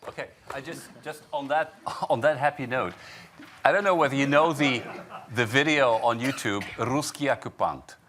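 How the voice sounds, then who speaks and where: A man's voice: medium pitch, moderate pace, fairly bright tone, a little hiss or hum. A man moderating a conference panel, conversational and given to hesitant repeats. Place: conference hall.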